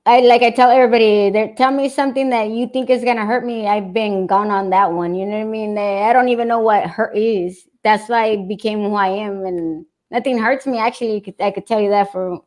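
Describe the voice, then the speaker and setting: A woman's voice: medium pitch, fairly even intonation, brisk, hardly any pauses, a little mellow. A woman talking as an interview guest in a casual chat, blunt, swearing and laughing often.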